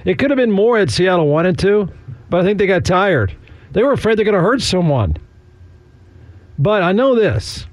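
A man's voice: sits high, sing-song, normal speed, long pauses, no room sound. A man hosting a sports talk radio show, chatting casually in a sarcastic, rambling way with frequent chuckles.

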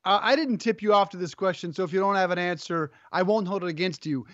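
A male sports podcast host with a high voice reads promos and teases his guest in brisk patter. The studio sound is very dry and a little dull. Faint music runs underneath. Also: a bit bright, dry recording. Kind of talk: sports radio talk.

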